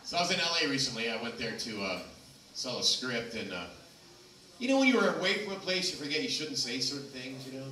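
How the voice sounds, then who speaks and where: A man's voice: mid-range voice, big pitch swings, quick pace, bright, forceful tone. Rambling man doing stand-up, echoey room. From Los Angeles. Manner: rambling, loose, crowd work. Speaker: stand-up comic. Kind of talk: stand-up comedy set. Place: small comedy venue. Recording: echoey room from far off, noisy.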